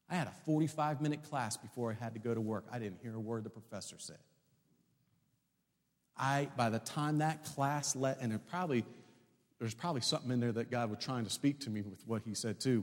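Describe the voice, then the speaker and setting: Animated male preacher in a reverberant hall. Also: medium pitch. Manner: animated, acts out dialogue, builds to shouts. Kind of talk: sermon storytelling.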